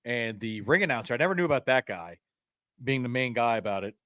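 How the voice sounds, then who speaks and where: A man's voice: medium pitch, animated, quick pace, pushed and bright, no room sound, clean studio sound. A man co-hosting a casual podcast, easygoing and agreeable. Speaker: podcast co-host. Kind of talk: casual chat.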